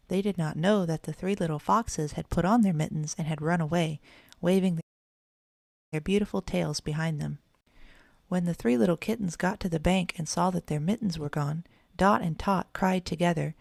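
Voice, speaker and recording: Woman narrator, children's storybook, steady gentle reading, gravelly voice, dry close sound. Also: on the low side, moderate pace, no room sound.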